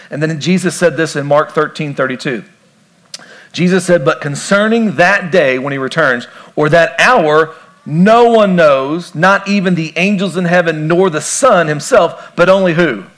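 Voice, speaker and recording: A man's voice: fairly high pitch, moderate pace, fairly bright tone. A man preaching a sermon as a pastor in a conversational way, asking his listeners questions and joking between points. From grew up on a farm. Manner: conversational, asks the congregation questions, jokes.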